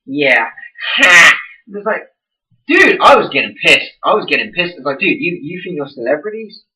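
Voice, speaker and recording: Sweary ranting man, bright voice. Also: a little high, very animated, normal speed, recorded from a distance, poor audio. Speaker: vlogger. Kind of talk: casual ranting vlog.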